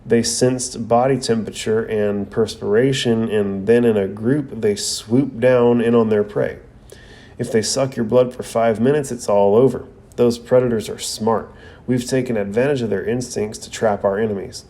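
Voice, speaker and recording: A man voicing a confident young male ninja from a cartoon in a calm, matter-of-fact read. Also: mid-range voice, normal speed, natural voice. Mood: smug.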